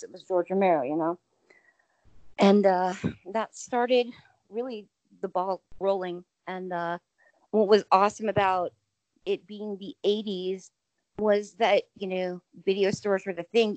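A woman's voice: mid-range voice, no echo, poor audio. Woman in her 40s, chatty panel guest, many fillers, dry close sound. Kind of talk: casual panel chat.

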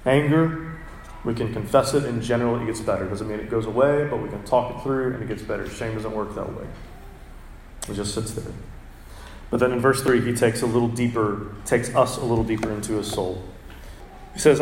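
A man's voice: mid-range voice, fairly even intonation, slight background noise. Earnest man preaching in a roomy church. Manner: earnest, reads scripture aloud with pauses. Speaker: pastor. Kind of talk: sermon.

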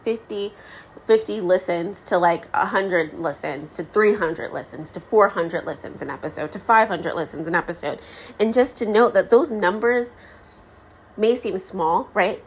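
A woman's voice: fairly low pitch, slight background noise. A woman in her thirties hosting her own podcast, talking candidly with lots of fillers, tired and close to tears. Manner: candid, rambling, many fillers like "you know" and "like". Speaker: podcast host. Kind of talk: candid solo podcast talk.

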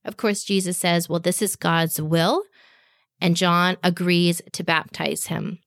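A woman hosting a children's faith podcast, speaking directly to kids in a slow, emphatic teaching voice. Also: lowish voice, level tone, a bit bright, dry recording, clean studio sound. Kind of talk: scripted faith lesson for children. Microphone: podcast microphone.

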